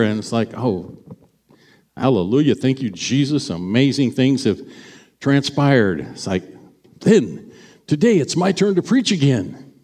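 A middle-aged male pastor tells stories from the pulpit in a chatty, conversational sermon. His voice sits at an ordinary pitch and now and then jumps up in sudden bursts of emphasis. A long reverb trails each phrase through the church sanctuary. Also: darkish tone.

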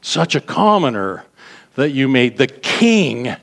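Scornful royal wife, slow and disdainful, as a man puts her on in a sermon, with long hall reverb. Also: mid-range voice, sing-song, creaky, heavily acted.

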